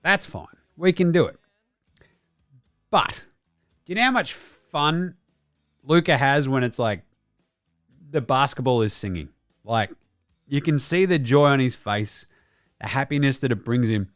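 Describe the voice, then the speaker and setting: Sweary Australian basketball host. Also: male voice, mid-range voice, animated, unhurried, long pauses, a bit bright, dry recording, studio quality, soft background music. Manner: profane, ranting. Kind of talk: casual basketball commentary.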